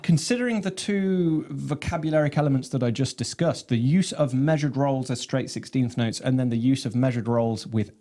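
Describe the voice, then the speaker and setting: A man teaching about his own snare drum composition, explaining rhythms in a measured way and counting them aloud. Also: mid-range voice, darkish tone. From England.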